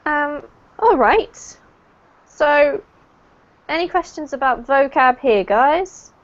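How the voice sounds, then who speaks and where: A British woman leads an online English lesson, correcting pronunciation slowly and kindly. Her voice sits a little high. The call audio sounds dull and lo-fi. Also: animated. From United Kingdom. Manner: encouraging, explains slowly and clearly. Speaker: English teacher. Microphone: video call.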